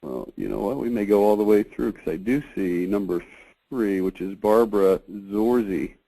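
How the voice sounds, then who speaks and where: A man hosting a casual conference call, chatty and halting, with many fillers. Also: fairly low pitch, animated, vocal fry, dark tone, poor audio. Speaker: host of a marketing review call.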